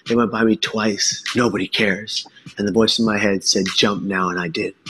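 A man giving an earnest, emphatic personal testimony talk, with dramatic pauses. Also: fairly low pitch, a bit bright, a little hiss or hum. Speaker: speaker sharing his story.

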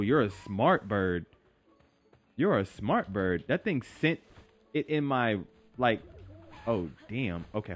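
Hyped young guy playing a game, slangy, voice jumps all over, faint game music behind. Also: mid-range voice. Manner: excitable, slangy, yelps and talks to his pet creature. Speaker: gaming YouTuber. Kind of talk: live gameplay commentary.

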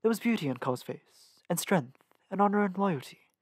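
A man narrating a novel as an amateur audiobook reader, with a lively, uneven reading and small self-corrections. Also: high-pitched, a little fast, no room sound, clean studio sound.

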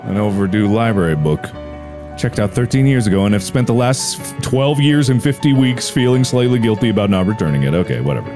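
A man's voice: on the low side, animated, quick pace, over music. A man hosting a let's-play video, reading game text aloud with playful quips. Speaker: gaming video host. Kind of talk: casual let's-play commentary.

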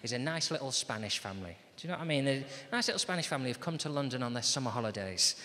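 A man's voice: mid-range voice, animated, racing, a little hiss or hum. A male stand-up comedian on a large theatre stage, talking in a chatty, sarcastic way with self-mocking asides. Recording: long hall reverb, loud audience laughter.

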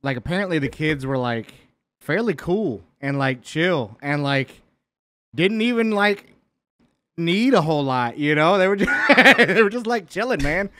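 A man's voice: on the high side, expressive, a little slow, a bit bright. A man co-hosting a reaction video, chiming in casually and laughing along. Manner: laid-back, laughs along, lots of filler words. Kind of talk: casual commentary over a clip.

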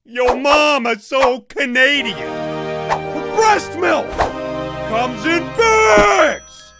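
A man narrating yo mama jokes in an animated comedy, zany and exaggerated, shouting the punchlines. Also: very high voice, very slow, gravelly. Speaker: joke-telling cartoon narrator. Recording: music bed.

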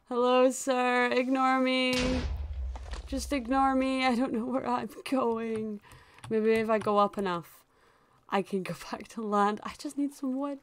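A young woman giving casual, chatty commentary while she plays a video game, often breaking into excited squeals and laughter. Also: a little high, unhurried, clean tone. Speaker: gaming YouTuber.

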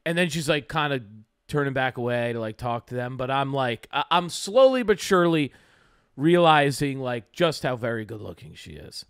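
A man's voice: medium pitch, lively intonation, moderate pace, fairly bright tone, smooth, no room sound, studio quality. A man co-hosting a comedy podcast, telling a rambling story full of fillers and acting out the lines he quotes.

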